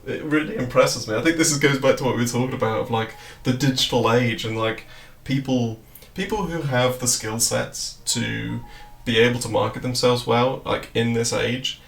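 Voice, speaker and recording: Man, streamer, rambling casual chat, gravelly voice, roomy echo, faint music behind. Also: mid-range voice, fairly even intonation, moderate pace, hardly any pauses. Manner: loose, rambling, swears and laughs often. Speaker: crypto trading streamer.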